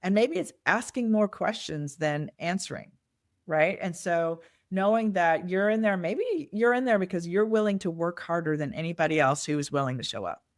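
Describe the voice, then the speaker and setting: A woman's voice: fairly low pitch, lively intonation, normal speed, dry recording, studio quality. A middle-aged woman, a podcast guest who tells personal stories candidly and reflectively. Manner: reflective storyteller, acts out quoted dialogue. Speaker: nonprofit fundraising consultant, guest.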